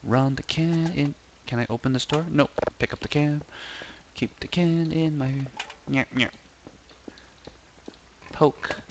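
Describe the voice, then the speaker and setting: A man's voice: on the high side, measured pace, muffled recording, noisy background. A young man casually commenting while playing a game, playful and giddy, often singing and muttering to himself. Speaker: gaming video host.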